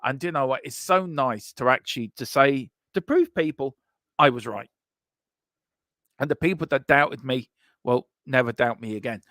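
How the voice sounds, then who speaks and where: A boisterous man hosts a football news live stream in a loose, chatty way, boasting about being right and reading out viewer messages. His voice sits at an ordinary middle pitch and sounds dry and close, with no room around it. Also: normal speed, a bit bright, no room sound. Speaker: host of a football transfer news show. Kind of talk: casual live-stream chat.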